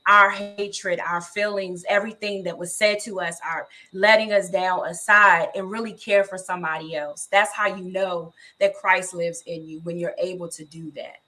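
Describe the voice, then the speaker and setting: Woman co-host, bright voice, earnest faith-talk storyteller. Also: fairly low pitch, fairly even intonation, moderate pace, few pauses. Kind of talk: faith-based casual talk.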